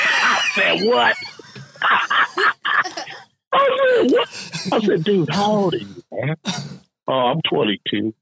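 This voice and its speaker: A man telling a rowdy work story in casual chat, profane, animated and laughing often. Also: high voice, slow, gravelly, long pauses, raised voice, noisy background.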